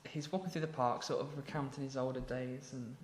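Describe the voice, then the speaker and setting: A man's voice: medium pitch, fairly even intonation, a little fast, reverberant, a little hiss or hum. An Englishman co-hosting a podcast, improvising a story in a rambling way with many ums and laughs. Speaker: podcast co-host.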